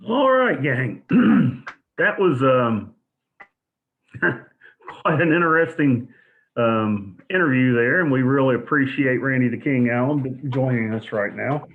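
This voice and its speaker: A man's voice: medium pitch, slow. A man hosting a casual online show, chatty and hesitant, with lots of ums and uhs. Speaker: show host. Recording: phone-like lo-fi audio.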